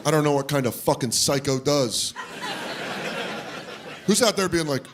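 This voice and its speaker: A middle-aged man doing a stand-up comedy routine, loud and animated, breaking into shouted put-on voices. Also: fairly high pitch, unhurried. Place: comedy club stage before a laughing audience. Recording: live club recording with crowd noise.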